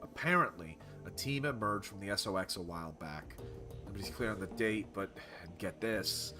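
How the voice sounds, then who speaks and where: A man's voice: fairly low pitch, moderate pace. A man reading a game's text aloud in a narrated playthrough, with wry asides. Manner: wry asides between read lines. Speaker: streamer reading a game aloud. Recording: game music behind voice.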